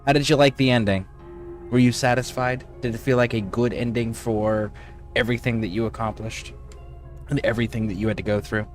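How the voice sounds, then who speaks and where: A man streaming a video game, chatting casually with viewers, swearing freely and thinking out loud while he plays. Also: mid-range voice, fairly even intonation, brisk, faint music behind. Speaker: livestreamer. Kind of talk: casual gaming livestream chat.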